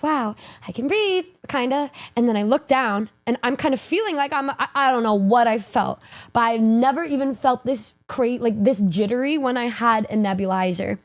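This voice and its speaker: Young woman streamer, high bright voice, animated, profane storytelling for a casual stream. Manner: animated, swearing, laughing through the story.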